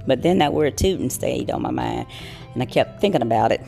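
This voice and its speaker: A woman telling a story with a gravelly, creaky voice that leaps up and down with feeling. She is animated and quick to laugh, a nurse recounting her day in a casual way. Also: very deep voice, soft background music.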